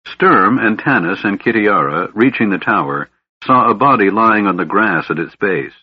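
Brief: male audiobook narrator, low husky voice, somber and measured, muffled lo-fi sound. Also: expressive. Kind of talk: scripted narration. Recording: dull lo-fi audiobook recording.

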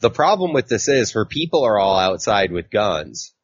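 Man, very low voice, rambling recap, lots of ums, dull lo-fi mic. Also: sing-song, normal speed, no room sound. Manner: rambling, filler-heavy storytelling. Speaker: podcast co-host. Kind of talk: casual comic book recap.

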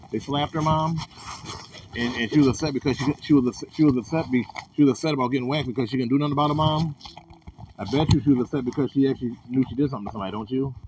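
A man's voice: medium pitch, racing. A man talking at length to his mother in a rambling, repetitive way, often stopping to ask for her agreement. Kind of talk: rambling home conversation. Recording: loud background noise.

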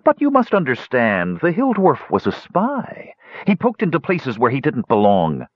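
A man voicing a cruel hunchbacked male dwarf savant, silky, mocking and sinister, with a husky voice. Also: medium pitch, wildly swooping pitch, moderate pace, no echo, lo-fi sound, voice pushed up.

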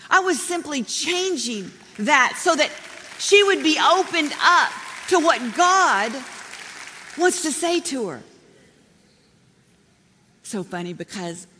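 A woman preaching a sermon in a lively, chatty way, often laughing as she talks. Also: high voice, slight background noise. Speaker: pastor. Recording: long hall reverb.

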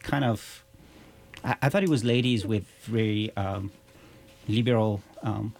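Low gravelly host guy, kinda halting, keeps restarting his sentences. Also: a little mellow. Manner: hesitant, stammering restarts. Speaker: radio show host. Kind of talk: casual talk-show chat.

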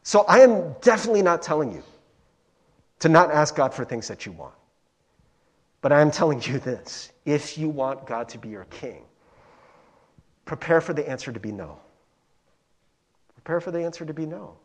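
A man's voice: a little high, moderate pace, pauses often. A male pastor giving a casual, joking sermon, talking straight to the congregation. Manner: animated, joking, addresses listeners as friends and guys. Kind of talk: conversational sermon.

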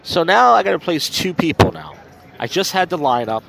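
A man's voice: a little high, very animated, brisk, vocal fry, a bit bright. A man hosting his own podcast, rambling casually through his week with fillers and swearing while out on a walk. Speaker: podcast host. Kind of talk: casual solo chat on a walk. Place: outdoors on a street at night.

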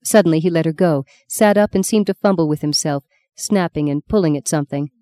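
Woman narrating a novel, mellow and low. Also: dry recording. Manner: steady, measured storytelling. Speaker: audiobook narrator. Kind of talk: scripted narration.

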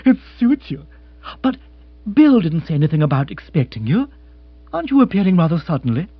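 Brisk lively young woman, read by a man, high and animated, dry dull recording. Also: breathy edge, no room sound, heavily acted. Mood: warm, teasing. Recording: dry, slightly dull audiobook.

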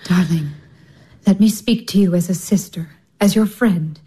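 A woman playing a gentle elder sister in a radio play, speaking softly and soothingly with light laughs. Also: lowish voice, measured pace, slightly rough. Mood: advising. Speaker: stage actress in a radio drama.

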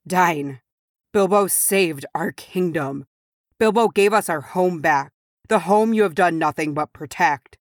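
Proud dwarf king, read by a woman, shaken, urgent, low, storybook. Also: measured pace, dry recording, studio quality, lightly acted. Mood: pleading. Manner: urgent, pleading.

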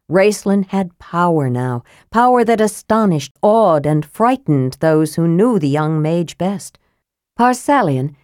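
A woman narrating a fantasy audiobook in a measured, grave storytelling manner, close to a studio microphone. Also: lowish voice, darkish tone, dry recording.

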